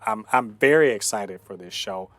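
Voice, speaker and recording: A man hosting a casual TV review, talking with many fillers and restarts but clear enthusiasm. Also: lowish voice, moderate pace, a bit bright, no room sound, soft background music. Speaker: show host reviewing a TV episode.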